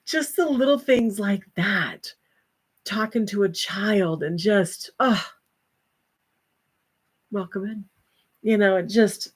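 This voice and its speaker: A woman's voice: mid-range voice, a bit bright. An older woman hosting a livestream, chatting casually with viewers and breaking into folksy exclamations. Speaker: livestream host.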